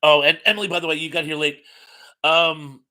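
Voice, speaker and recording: A man's voice: on the high side, steady tone, fairly quick, bright, forceful tone. An older man hosting a live stream, chatting casually and reading viewer comments aloud with plenty of ums and asides. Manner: chatty, rambling, reads comments aloud with fillers. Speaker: host.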